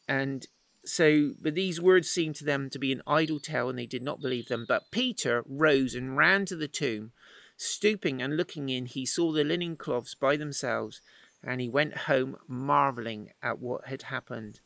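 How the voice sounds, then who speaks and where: Chatty preacher with a gravelly voice. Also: male voice, medium pitch, moderate pace, fairly bright tone, no room sound, poor audio. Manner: chatty, playful retelling with asides. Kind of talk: informal Bible teaching. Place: outdoors in the wind.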